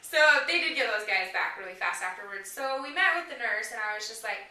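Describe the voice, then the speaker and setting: A young woman telling a personal story in casual chat, talking fast with lots of "like"s and laughing as she goes. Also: on the high side, animated, bright, forceful tone. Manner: chatty, many "like"s, laughs while talking. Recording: echoey room, far from the mic.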